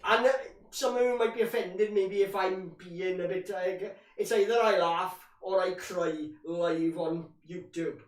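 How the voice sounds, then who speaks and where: A man's voice: high voice, fairly even intonation, unhurried, hardly any pauses. A man giving live fan commentary on a match, ranting in frustration and calling his listeners "boys". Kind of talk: live watch-along commentary. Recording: roomy echo, distant from mic.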